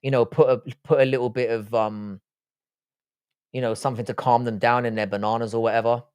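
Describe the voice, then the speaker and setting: A man's voice: mid-range voice, level tone, fairly quick, a little mellow, clean tone, no room sound. Profane, joking man on a dry mic. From England. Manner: crude, profane banter with chat. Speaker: live stream host. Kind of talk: casual live chat, reading viewer comments.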